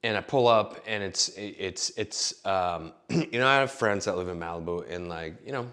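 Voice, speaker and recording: Deep low-voiced guy rambling through a story, swears a lot, lots of um and you know. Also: normal speed, a bit bright. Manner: rambling, profane, filler-heavy. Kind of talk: casual storytelling.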